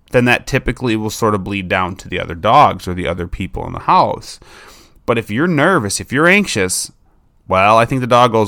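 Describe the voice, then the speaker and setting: A man, a dog trainer, giving casual advice in a chatty way, with many fillers and restarts and lively acted-out quotes. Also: on the low side, no echo, clean studio sound. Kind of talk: casual advice talk to camera.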